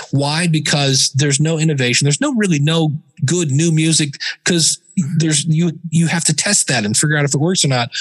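A man as a podcast guest, telling stories in a casual, animated way and sometimes mimicking other voices. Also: on the high side, husky. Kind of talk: casual interview talk.

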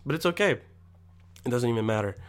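A young male vlogger rants to camera in a profane comedic rant, swearing constantly, rambling, and feigning exasperation. His mid-range voice is fast, clear, and resonant, with lively intonation.

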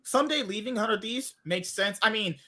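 A man's voice: high voice, moderate pace, bright, forceful tone. A man co-hosting an esports podcast, giving emphatic, opinionated takes in casual chat. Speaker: podcast co-host.

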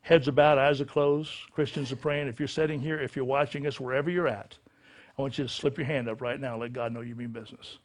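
Speaking fast with fairly even intonation, a middle-aged male pastor delivers an altar call and sinner's prayer in his mid-range voice. The preaching is fervent and repetitive in cadence, set in a church service.

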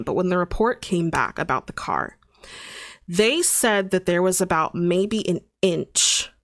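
A woman's voice: fairly low pitch, fairly bright tone, no room sound, clean studio sound. A young adult woman hosting a podcast, telling a personal story in an earnest, confessional and emphatic way. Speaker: podcast host.

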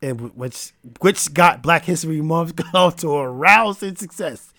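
A man hosting a podcast, telling a story in a casual, animated and preachy way. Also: a little high, a little slow, creaky, no echo, studio quality. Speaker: podcast host.

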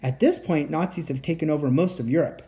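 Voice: medium pitch, fast talker, dark tone, close to an everyday voice. A reader voicing a polite teenage boy enchanter who speaks in formal, old-fashioned phrasing. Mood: earnest.

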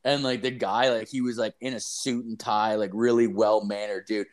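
Speaking at normal speed in a fairly low voice, a man tells a rambling story in casual chat. He's profane and animated, says "like" and "dude" constantly, and performs the quoted dialogue.

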